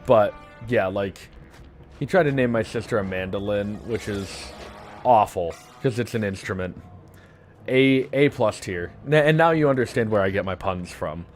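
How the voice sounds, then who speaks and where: A young man with a noticeable lisp rambles through casual live-stream chatter, full of puns and filler words. His voice sits fairly low. Soft music plays faintly underneath. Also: moderate pace. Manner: rambling, joking, punning, many fillers. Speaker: game streamer.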